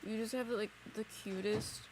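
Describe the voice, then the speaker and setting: A psychic medium streamer chats freely at her home desk during a live reading, laughing between thoughts and using lots of "like" fillers. Her somewhat high, a little mellow voice keeps a fairly even intonation at a moderate pace, and her desk mic picks up a little hiss or hum.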